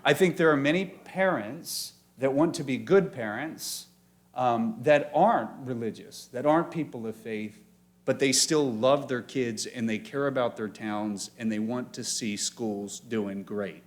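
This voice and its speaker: A man speaking to a church audience as a pastor introducing a community presentation, friendly and joking, reading quotes slowly with emphasis. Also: medium pitch. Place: church meeting room.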